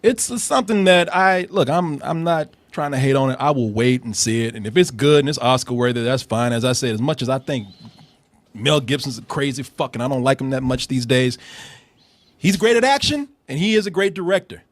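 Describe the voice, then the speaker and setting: A man hosting a casual movie trailer reaction, talking in a profane, animated way with frequent laughs and repeated words. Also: mid-range voice, a little fast, no echo. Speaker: film reviewer host.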